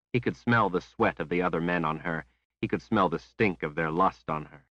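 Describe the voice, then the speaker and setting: A man narrating a fantasy audiobook in a measured, even storytelling manner. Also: sits low, no echo, lo-fi sound. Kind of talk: scripted narration.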